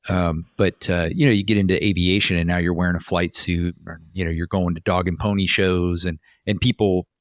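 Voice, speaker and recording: A man's voice: sits low, steady tone, brisk, no echo, clean studio sound. A man co-hosting a podcast, a former police officer telling stories in a chatty way with many fillers and restarts. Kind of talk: casual podcast chat.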